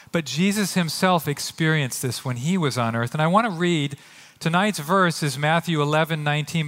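A man preaching a sermon as pastor, earnest and animated, often acting out quotes. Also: a little high, in a large hall. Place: church sanctuary.

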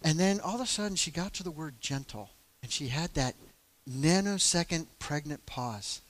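A man's voice: on the high side, expressive, moderate pace, a bit bright. A middle-aged man and church elder telling a personal story in casual talk, candid and self-deprecating, with many fillers.

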